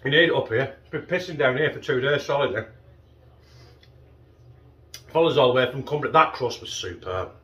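A man's voice: mid-range voice, moderate pace, long pauses, fairly bright tone, dull audio. A middle-aged man with a northern English accent reviewing a frozen pizza in a casual vlog, chatty and swearing freely, sometimes talking with his mouth full. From northern England. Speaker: food review vlogger.

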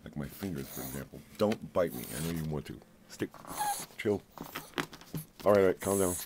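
A man's voice: low-pitched, animated, moderate pace, noisy background. A man at home filming his pet on his lap, teasing, coaxing and playfully scolding it. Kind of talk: casual home video talking to a pet.

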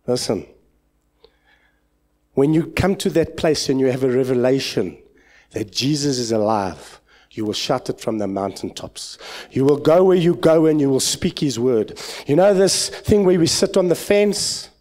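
This sermon comes from a South African pastor in church, who alternates between loud, fervent exclamations and low asides. He sounds animated and keeps a measured pace.

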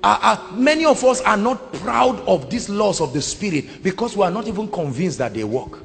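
Nigerian man, preacher, high voice, very lively pitch, gravelly edge, reverberant hall. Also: normal speed. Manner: emphatic, swinging between hushed and shouted. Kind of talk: sermon.

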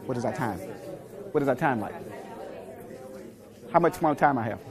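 A middle-aged man giving a motivational speech to a live audience, telling coaching stories and quizzing the crowd, dropping to low murmurs and then rising to loud punchlines. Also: expressive, moderate pace. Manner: preachy storyteller, asks the crowd questions, swings from low murmurs to loud punchlines. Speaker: motivational speaker.

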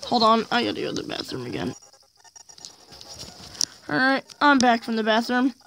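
A gaming host giving let's play commentary, rambling and easily frustrated, trailing off into quiet mutters. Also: medium pitch, big pitch swings, normal speed, faint music behind, rough recording.

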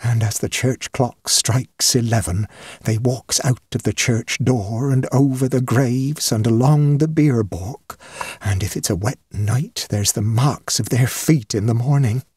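A man voicing an old superstitious countrywoman housekeeper, slow and ominous in rustic dialect, husky. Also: mid-range voice, a little mellow, dry recording.

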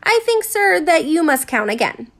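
Woman putting on a sharp, scheming colonial widow. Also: high voice, very animated, moderate pace, pitched above the performer's own voice.

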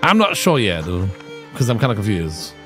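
A man streaming a tabletop-style game, talking in a slow, unhurried way with a lively, bouncing pitch. He rambles and hedges through his choices, full of filler words, with faint game music underneath. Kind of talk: casual gameplay commentary.

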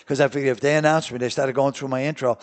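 A man with a Boston accent, a comedian guest telling rambling, animated stories in casual chat. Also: mid-range voice, fast. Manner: rambling, animated storyteller with many restarts.

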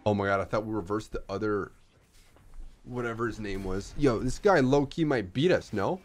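A young man streaming a strategy game, giving casual commentary and often bursting into excited shouts. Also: fairly low pitch, moderate pace.

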